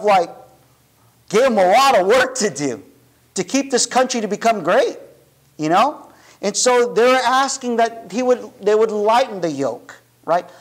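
A man with a very high voice preaches a sermon in a loose, conversational way. He keeps checking in with his listeners and restarts sentences as he thinks aloud. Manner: conversational preaching, frequent "right?" and "you know" asides; restarts and self-corrections. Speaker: pastor.

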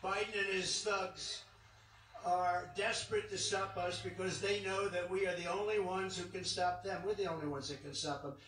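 A man's voice: sits high, fairly even intonation, moderate pace, a bit bright. A man speaking as a political candidate at a campaign rally, emphatic and repetitive, with rambling asides. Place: large indoor arena. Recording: echoey arena, distant mic.

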